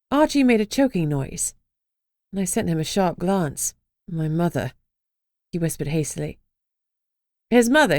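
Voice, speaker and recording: A woman's voice: on the low side, darkish tone, no room sound. A woman narrating a first-person fantasy audiobook with a dry, wry delivery.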